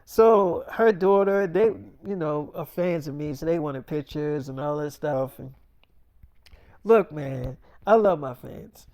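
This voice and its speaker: A man's voice: on the high side, slow pace, a little mellow. A man casually telling a long personal story, rambling with lots of fillers and slang.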